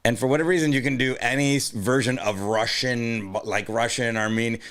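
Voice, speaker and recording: A man co-hosting a comedy podcast in casual banter, jokey and quick to slip into put-on accents. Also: mid-range voice, steady tone, a bit bright, clean tone. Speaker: podcast co-host.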